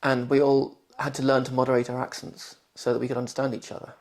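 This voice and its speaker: Forties man, posh southern English accent, slightly gravelly, very clear careful diction; reads and answers questions. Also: medium pitch, completely flat delivery, quick pace, darkish tone. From London, England. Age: 40s. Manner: careful, clearly pronounced speech. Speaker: interviewee. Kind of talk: reading test passages, then interview answers.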